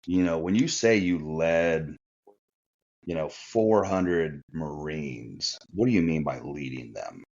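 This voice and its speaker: A man's voice: extremely low pitch, lively intonation, slow pace, vocal fry, darkish tone. A middle-aged man, a retired Marine officer, telling an anecdote in a chatty way on a podcast. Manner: chatty anecdotal delivery with fillers. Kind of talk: casual storytelling. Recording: muffled lo-fi audio.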